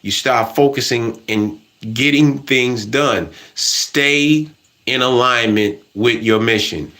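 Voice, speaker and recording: A man's voice: medium pitch, slow pace, bright, forceful tone. A man talking casually in a motivational vlog, repeating earnest, encouraging affirmations to himself and to viewers. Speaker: motivational vlogger. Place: home washroom.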